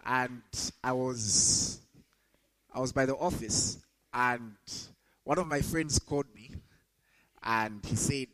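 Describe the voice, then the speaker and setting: A young adult man preaching a sermon to students, rising sharply in pitch when he quotes scripture. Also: steady tone, slow, pauses often, a bit bright, low-quality recording. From Zambia. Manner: emphatic, rises sharply when quoting scripture.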